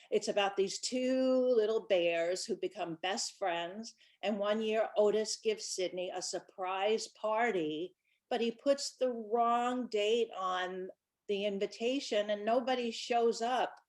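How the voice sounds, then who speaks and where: A woman who writes children's books, talking casually and chattily about her books, with small restarts. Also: mid-range voice. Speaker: children's book author.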